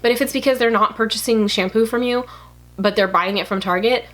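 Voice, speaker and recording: A woman's voice: a little high, a little fast. A woman giving frank, blunt advice in a casual monologue to camera, with many fillers and restarts. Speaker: YouTuber.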